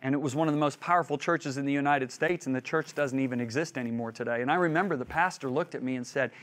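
A man teaching a Bible lesson as an animated storyteller who acts out the voices he quotes and builds emphasis by repeating phrases. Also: mid-range voice, fast talker.

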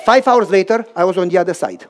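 A pastor delivers a sermon in a high voice at a quick pace, with a faint crowd audible. He tells a story animatedly and emphatically, acting out voices and rhythmic sounds, using short repeated phrases and stressing each word.

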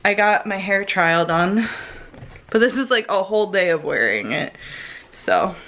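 A woman's voice: mid-range voice, animated, a little slow, a bit bright. A young woman chatting casually in a vlog, rambling with lots of fillers. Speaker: vlogger, bride-to-be. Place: car, then home. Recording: background noise.

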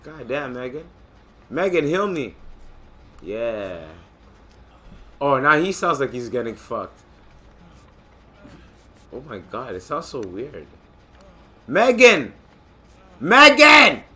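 A man casually commentating his gameplay, excitable and joking, with loud profane outbursts. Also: mid-range voice, slow, long pauses. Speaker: gamer and channel host.

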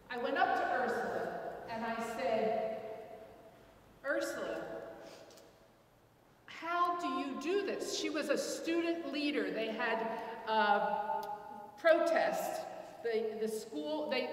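An older woman giving a public lecture, telling a personal story in an earnest, halting way with restarts. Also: on the high side, slight background noise. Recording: echoey hall from far off.

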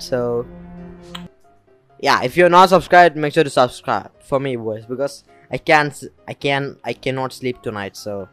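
A young man filming a reaction vlog, excitable and jumpy, with frequent shrieks and nervous laughter into a desk mic. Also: medium pitch. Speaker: reaction video creator. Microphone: desk mic with headphones.

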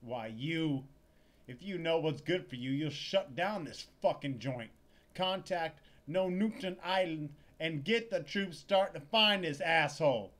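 A man's voice: medium pitch, moderate pace, lightly acted. A man voicing a dorky, rude young male secret agent who swears and barks orders. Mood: angry. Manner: abrasive, swearing, shouting.

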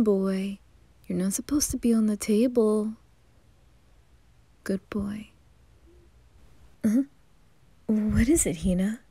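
A woman giving a cozy ASMR introduction, gently addressing her listeners. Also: medium pitch, breathy edge, no room sound. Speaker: ASMR creator.

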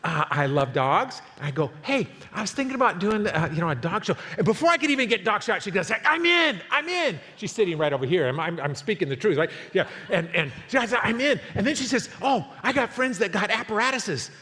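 Animated man in his sixties preaching. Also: high voice, quick pace, hardly any pauses. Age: 60s. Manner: animated storytelling with voiced quotes. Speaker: pastor. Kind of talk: sermon. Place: church sanctuary. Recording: long hall reverb, faint noise.

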